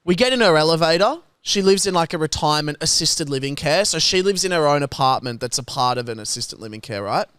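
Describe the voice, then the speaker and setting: A young Australian man co-hosting a podcast, telling stories in an animated way and doing voices. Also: on the high side, quick pace, few pauses, clean tone, no echo, clean studio sound. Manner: animated storyteller, does voices. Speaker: podcast co-host. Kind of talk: casual chat.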